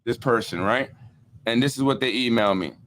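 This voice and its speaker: A man hosting a casual political podcast, talking in an animated way, repeating himself and using street-casual slang. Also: mid-range voice, moderate pace. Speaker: podcast host.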